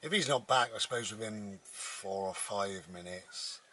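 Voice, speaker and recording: A man's voice: fairly low pitch, measured pace, sharp tone, a little hiss or hum, low-quality recording. A man, a vlogger, telling a personal story in a rambling, casual way with many restarts. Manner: rambling, with frequent restarts and fillers.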